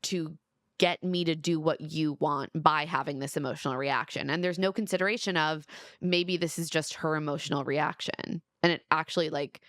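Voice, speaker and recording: A woman's voice: sits low, fairly even intonation, normal speed, fairly bright tone, no room sound, studio quality. A woman co-hosting a podcast, talking through things in a thoughtful, analytical way. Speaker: podcast co-host. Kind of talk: casual recap chat.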